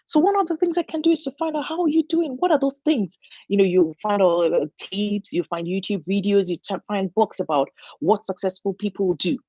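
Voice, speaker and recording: A woman's voice: mid-range voice, expressive, a little fast, mellow, slightly rough, dry recording, highs cut off. A woman giving an inspirational talk, earnest and encouraging, often restarting her sentences. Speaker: motivational speaker.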